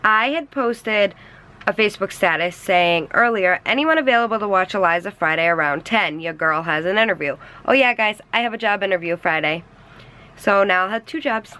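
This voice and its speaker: Young woman vlogging, sarcastic and fed up, bright tense voice. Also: medium pitch, moderate pace. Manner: animated, exasperated, sarcastic retelling of an online argument. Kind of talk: casual storytelling to camera.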